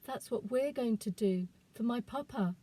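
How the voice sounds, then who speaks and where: A woman's voice: on the high side, normal speed, warm tone, pitched above the performer's own voice, natural voice. A woman reading the lines of a determined young village girl on a desperate journey, in an urgent, pleading voice. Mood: earnest.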